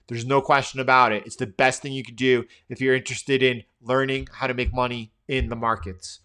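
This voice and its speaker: A man's voice: mid-range voice, bright, forceful tone, clear, resonant tone. A middle-aged man hosting a live trading stream, thinking aloud through chart commentary with lots of fillers and restarts.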